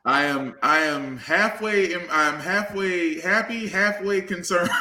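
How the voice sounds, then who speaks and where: A young man co-hosting a podcast, jokey and laughing, with quick comic asides. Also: high-pitched, echoey room, background noise. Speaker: podcast co-host. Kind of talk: casual chat.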